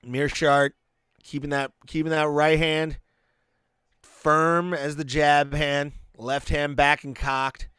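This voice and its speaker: A man's voice: a little high, flat delivery, slow, bright, forceful tone, clean tone, no echo, clean studio sound. A man hosting a live stream, giving laid-back play-by-play and reactions to fights, with fillers and restarts. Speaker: podcast host.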